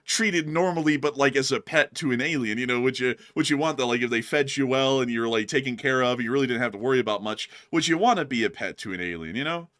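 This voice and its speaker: Chatty bright-voiced man rambling. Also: mid-range voice, fast, hardly any pauses. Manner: rambling, laughs often, jokey put-on voices. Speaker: co-host. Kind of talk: casual livestream banter.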